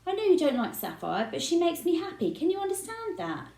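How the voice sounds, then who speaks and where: A woman's voice: very high-pitched, huge pitch swings, brisk, warm tone, pitched above the performer's own voice, heavily acted. A woman reading aloud and voicing a short-tempered father who barks stern orders. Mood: gentle. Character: short-tempered billionaire dad. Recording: roomy echo.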